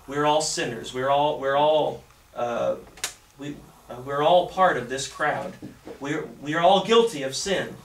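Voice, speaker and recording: A male pastor preaching a sermon and reading scripture aloud, often halting and repeating words. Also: fairly high pitch, a little hiss or hum. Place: church sanctuary. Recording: echoey church from a distance.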